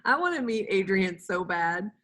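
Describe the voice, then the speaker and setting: A woman's voice: medium pitch, big pitch swings, moderate pace, fairly bright tone. A woman co-hosting a podcast in casual chat, blunt and casually profane.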